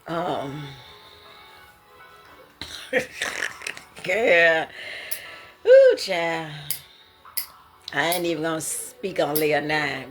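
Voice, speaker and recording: A woman's voice: low-pitched, very animated, extremely slow, long pauses, soft background music. A woman sharing her prophetic dreams in a casual spoken monologue, emphatic and slangy, often laughing and exclaiming.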